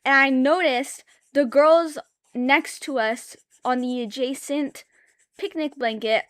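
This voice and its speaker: A woman's voice: sits high, slow pace, no echo, clean studio sound. A young woman streamer chatting casually while she draws, swearing often and rambling through stories with lots of filler words. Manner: laughs between sentences. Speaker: streamer drawing live. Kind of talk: casual chat.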